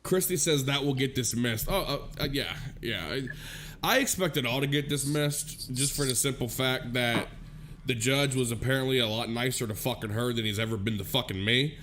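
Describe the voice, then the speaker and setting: A man's voice: medium pitch, moderate pace, fairly bright tone, a little hiss or hum. A man casually telling a story, laughing often and swearing freely. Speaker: vlogger.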